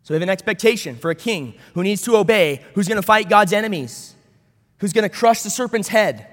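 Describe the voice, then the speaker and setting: A man's voice: high-pitched, animated, a little fast, a bit bright, long reverb tail. A man pastor preaching a sermon in a conversational way, with storytelling asides.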